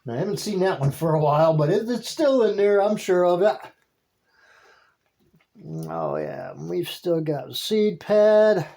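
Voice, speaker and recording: A man talks his way through a home worm-bin check in an unhurried, easygoing drawl. His voice is mellow and dark, and his sentences stumble and restart. He is easily delighted and lets out small laughs along the way. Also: high-pitched, expressive, gravelly. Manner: rambling and halting, with frequent restarts. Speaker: worm-composting vlogger. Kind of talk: casual vlog narration.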